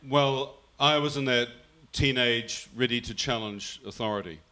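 Earnest, bright-toned man telling his story. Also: medium pitch, a little slow, clear, resonant tone. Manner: earnest, quotes his mother's words. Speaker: guest telling his testimony. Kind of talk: personal storytelling.

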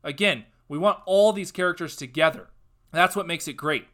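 A young man with a bright, forceful voice, pitched a little above most men. He talks casually as a podcast host and slides into loud, sarcastic, worked-up ranting. The tone is an opinionated review. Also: normal speed.

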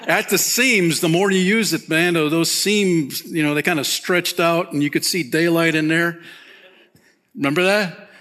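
Man, pastor, bright forceful tone, slightly high voice, animated casual sermon. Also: normal speed. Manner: animated, rises high when excited, softens and drops low near the close; casual, peppered with "man" and "you know".

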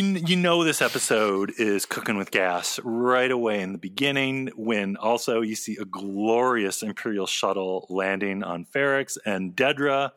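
An animated male podcast co-host talks in quick, excited bursts and laughs often. His voice is bright and forceful. The recording is close and dry, with no room sound. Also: mid-range voice, no echo. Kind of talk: casual chat recapping a TV episode.

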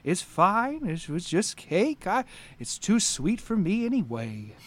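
A man voicing a very old, mild male tortoise knight who speaks softly and calmly. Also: sits high, measured pace, full character voice. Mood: soothing. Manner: soft, placid.

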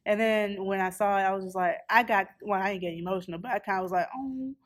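A woman's voice: medium pitch, flat delivery, fast. A woman in her twenties chatting casually, telling a story and acting out what people said. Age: 20s. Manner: chatty storyteller, acts out quotes. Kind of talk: casual chat.

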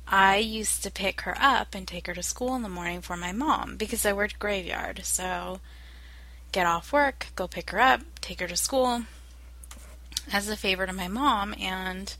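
A young adult woman in casual chat, talking slowly and hesitantly with many fillers. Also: medium pitch, bright, forceful tone, poor audio. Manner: slow, hesitant, lots of fillers.

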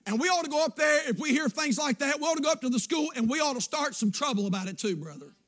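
A man in his fifties delivers a sermon in a strikingly high voice for a man. He swings from shouted declarations down to hushed, intimate storytelling. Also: expressive, fast talker. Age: 50s. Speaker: preacher.

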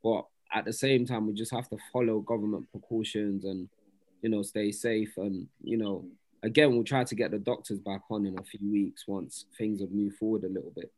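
A man, co-hosting a podcast and telling stories in a passionate, animated way. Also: on the low side, normal speed. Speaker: podcast co-host. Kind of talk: casual chat.

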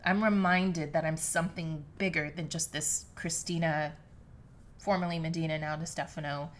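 A woman's voice: deep voice, fairly even intonation, normal speed, slight background noise. A woman hosting a solo podcast from her living room floor, talking in a reflective, earnest way with many restarts and fillers. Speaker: podcast host. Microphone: podcast microphone.

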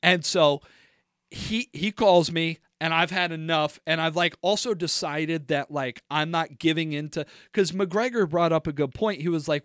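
A man with a New Jersey accent, co-hosting a podcast, telling a story in an animated, profane way. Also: fairly high pitch, normal speed, no room sound, clean studio sound. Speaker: podcast co-host. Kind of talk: casual chat.

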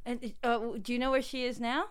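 Woman, fairly high, smooth voice, warm reactions and gentle questions. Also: steady tone, fairly quick. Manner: sympathetic, reacting to the stories. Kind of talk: casual chat.

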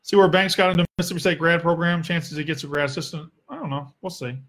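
A man's voice: a little high, steady tone, fast, a bit bright. A young man with a Southern US accent, hosting a casual solo sports Q&A in a blunt, profane and sarcastic way. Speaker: sports podcast host.

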